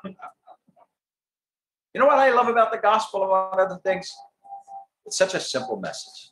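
A man preaching a gospel sermon in a tent meeting, reading scripture aloud with emphatic, lively delivery. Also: high-pitched, normal speed, faint music behind, rough recording.

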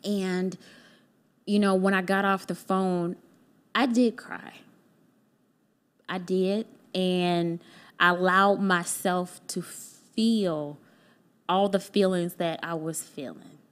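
A woman's voice: fairly low pitch, steady tone, slow pace, long pauses, clean tone. A woman guest on a podcast telling a heartfelt personal story in casual conversation. She acts out what other people said to her.

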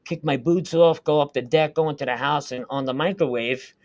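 A man's voice: on the high side, fairly quick. A man, a guest on a talk show, earnestly recounting a personal experience in casual, vivid detail. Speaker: guest recounting a UFO sighting. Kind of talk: casual first-person storytelling.

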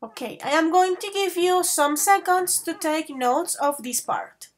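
A woman with a high voice teaches an online grammar class, switching between English and Spanish. She stretches her example sentences out slowly and keeps calling her students affectionate pet names. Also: animated. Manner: slow, drawn-out model sentences.

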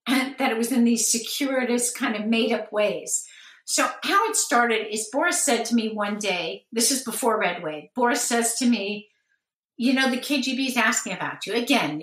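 A woman being interviewed, telling a lively story and acting out the voices of people she quotes. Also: on the high side. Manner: animated, acts out quoted voices. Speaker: guest. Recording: roomy and distant from the mic.

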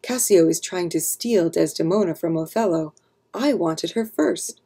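A woman's voice: fairly low pitch, unhurried, dark tone, slightly rough. A woman doing a bitter whispering rival. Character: jealous young male rival, bitter.

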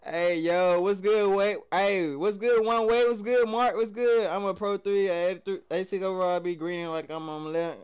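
A young man from the American South streaming a game live, chatting with his viewers in hyped, slangy bursts that swing between loud and soft. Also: high-pitched, fairly even intonation, normal speed, hardly any pauses, smooth.

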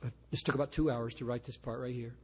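An older man, a pastor, gives a lecture that includes poetry reading, explaining his craft with candid self-deprecation and stumbling restarts. His medium-pitched voice is a little husky and slightly mellow, fairly even in intonation and quick, with a long hall reverb trailing each phrase.

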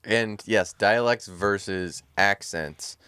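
A man's voice: on the low side, slow, pushed and bright, clear, resonant tone, no room sound. A man co-hosting a casual podcast chat, thinking aloud in rambling sentences full of fillers. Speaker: podcast co-host.

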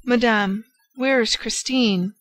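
A woman's voice: on the high side, takes it slowly. A woman voicing a bewildered, lovesick young nobleman in an audiobook, earnest and troubled. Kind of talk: audiobook character voice.

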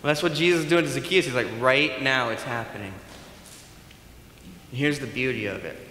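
A man preaching a sermon as pastor, animated and playful, acting out bits of dialogue. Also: medium pitch, racing, a little hiss or hum. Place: church sanctuary. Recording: echoey hall with faint room ambience.

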